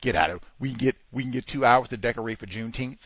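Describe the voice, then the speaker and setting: A man hosting a talk radio show, talking in a sarcastic, exasperated and animated way. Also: mid-range voice, fast, slightly rough, dry recording. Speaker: radio host. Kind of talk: casual talk radio commentary.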